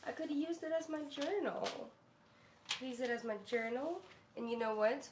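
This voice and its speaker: A woman streamer with a high voice chats casually at a moderate pace, rambling and cooing to her dog between stories. The live stream is recorded in an echoey room with faint noise.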